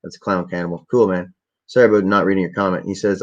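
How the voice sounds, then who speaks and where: A man's voice: low voice, steady tone, fast, highs cut off. A man telling a rambling, profane story in a laid-back, casual way to a livestream audience. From Canada. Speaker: vlogger.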